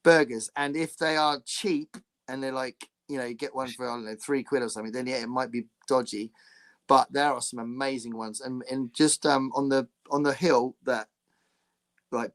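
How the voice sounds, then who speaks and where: A man from England, hosting a casual podcast chat over a video call, laughing often and restarting his sentences. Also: mid-range voice. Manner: laughs often, chatty and animated with frequent restarts. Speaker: podcast host.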